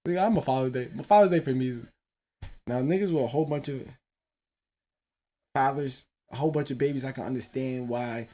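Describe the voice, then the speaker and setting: A man in his thirties talks alone into his own podcast mic in an easy, meandering way. He curses freely and breaks into laughter between thoughts, restarting sentences as he goes. His voice sits at an ordinary middle pitch for a man. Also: fairly quick, pauses often, warm tone. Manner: loose, profane, laughing asides. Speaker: podcast host. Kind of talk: casual solo podcast rambling.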